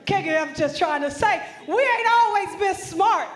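A woman gives a motivational conference speech in a high, ringing voice. She is emphatic and preacherly and talks straight to a room of students. Her voice echoes through a large hall. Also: expressive, normal speed. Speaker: motivational speaker.

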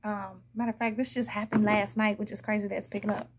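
A woman's voice: medium pitch, flat delivery, quick pace, slightly rough. A woman giving a casual, blunt tarot reading, chatting to viewers and laughing often. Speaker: tarot reader.

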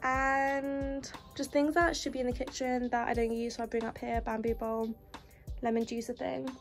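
A woman's voice: fairly high pitch, flat delivery, normal speed, gravelly. Chatty young woman over background music. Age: young adult. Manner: chatty, listing items as she goes. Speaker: vlogger giving a room tour. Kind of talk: casual room-tour narration. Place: student bedroom in university housing. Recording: music playing under the voice.

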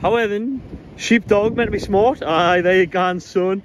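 A man's voice: sits high, unhurried, background noise. A man walking his dog outdoors on a coastline, chatting casually and coaxing the dog in a sing-song voice, swearing freely.

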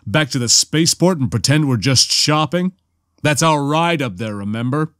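A man voicing a gruff, sardonic male smuggler pilot in an audiobook. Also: a little high, lively intonation, normal speed, a bit bright, dry recording, studio quality. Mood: exasperated. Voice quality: growling, sardonic.

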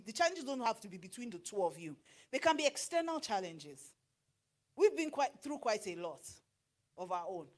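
A middle-aged Nigerian woman preaching on marriage, animated and slipping into pidgin with acted asides. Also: a little high. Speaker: pastor and marriage counselor. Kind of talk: sermon.

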